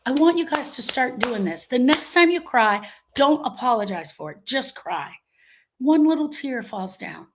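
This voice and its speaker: Woman grief coach going live, breathy voice, keeps repeating herself for emphasis. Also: sits high, animated, normal speed. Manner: emphatic, repeats phrases, acts out quoted voices. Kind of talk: motivational live talk.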